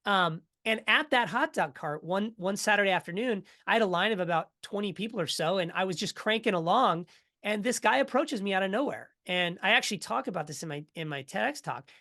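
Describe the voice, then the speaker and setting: A middle-aged man, a podcast guest, telling his story in a casual, energetic way and acting out what others said. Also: high voice, fairly quick. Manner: energetic, animated storyteller who acts out quotes.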